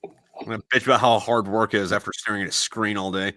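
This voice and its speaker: A man chatting casually on a podcast and telling a long, profane joke with animated delivery. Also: fairly low pitch, fast, slight background noise.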